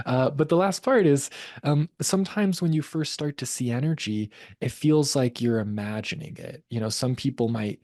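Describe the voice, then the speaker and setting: Man teaching energy perception, relaxed. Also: medium pitch, no room sound, studio quality. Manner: relaxed, conversational, with many fillers. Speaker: class teacher. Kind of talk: teaching a live class.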